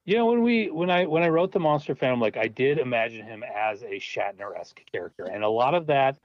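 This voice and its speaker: A man's voice: mid-range voice, expressive, brisk, no room sound. A man being interviewed about the films he writes, talking casually and laughing as he trips over his words. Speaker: filmmaker guest. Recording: dull dry lo-fi sound.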